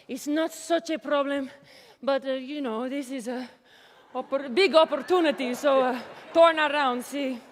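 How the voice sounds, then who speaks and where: A woman's voice: sits high, moderate pace, long reverb tail, slight background noise. A woman on stage with a mock Spanish accent, theatrically coaxing an audience volunteer and sprinkling in Spanish words. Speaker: comedian directing an audience volunteer. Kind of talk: live comedy stage act.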